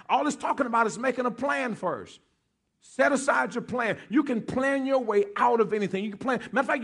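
A man's voice: extremely high pitch, a bit bright, slightly rough. A man preaching a sermon as pastor, joking with his congregation, calling for responses and repeating key phrases for emphasis.

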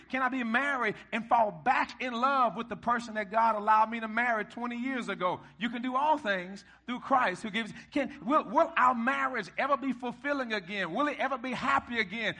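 A high-voiced male pastor preaches to his congregation. His tone is bright and a little husky. He leads call-and-response lines and builds to shouts. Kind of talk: sermon. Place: church hall before a congregation.

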